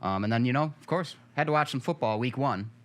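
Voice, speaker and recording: A man co-hosting a casual talk show, relaxed and easygoing with a dry touch. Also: medium pitch, quick pace. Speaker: co-host. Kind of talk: casual chat.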